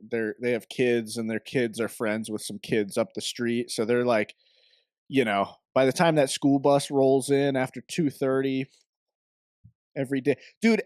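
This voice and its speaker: A laid-back man co-hosting a casual movie commentary podcast, who tells stories with animated bursts. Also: medium pitch, dry recording, clean studio sound. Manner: laid-back, says "dude" a lot, animated when telling stories. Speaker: podcast co-host. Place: home office.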